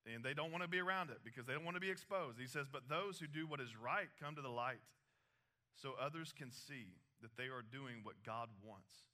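Bright-voiced preacher. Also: male voice, mid-range voice, brisk. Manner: animated preaching with asides and laughs. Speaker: pastor. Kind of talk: sermon.

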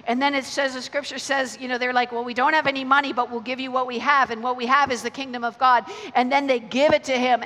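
A middle-aged woman preaching at a conference, telling stories in an animated way with quick restarts. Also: high voice. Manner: animated storytelling with stammered restarts. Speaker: conference speaker. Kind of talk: energetic sermon. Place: large hall. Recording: live hall with long reverb.

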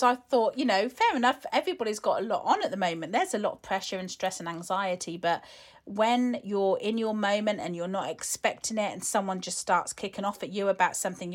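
A woman coach talking casually to other women in an earnest, emotionally open way, full of fillers. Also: medium pitch. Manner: chatty, heavy with fillers.

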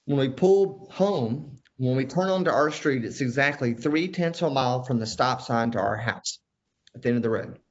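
A man telling family stories as a podcast guest, animated and jumping into other people's voices. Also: mid-range voice, moderate pace, lo-fi sound. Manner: animated storyteller who acts out family members' voices. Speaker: guest, father of five. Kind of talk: storytelling in conversation.

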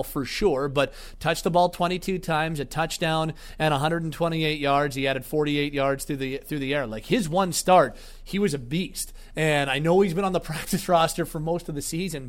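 A man with a fairly high voice talking fantasy football picks on a podcast. He is enthusiastic about his choices and keeps tripping over the first words of his sentences before getting going. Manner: stammering restarts, enthusiastic. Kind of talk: casual sports podcast chat.

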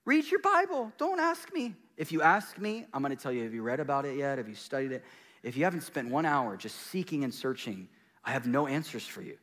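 Animated man preaching a sermon. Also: medium pitch, brisk. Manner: animated preaching, swinging between excited and hushed. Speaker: pastor. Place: church.

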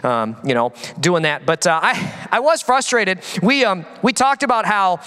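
Pastor guy giving a sermon, high bright voice, joking storyteller, big echoey hall. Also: clean tone. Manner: animated storytelling with quick jokes; frequent fillers and restarts. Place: large church hall. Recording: long hall reverb.

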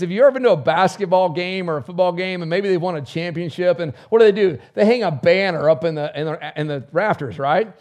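A middle-aged man preaching a sermon, with fervent bursts that drop into soft, low prayer. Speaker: pastor.

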